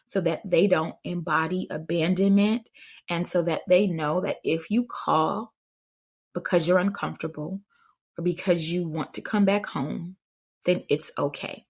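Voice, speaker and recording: A woman's voice: lowish voice, steady tone, measured pace, husky. A woman hosting a parenting podcast, telling stories in a chatty way and talking straight to her listeners. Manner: chatty storytelling, addresses listeners directly. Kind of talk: casual advice chat.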